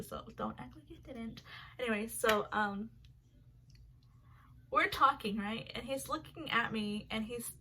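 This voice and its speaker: Young female vlogger, slightly high voice, casual rambling storytelling with filler words and cursing, faint noise in the background. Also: pushed and bright.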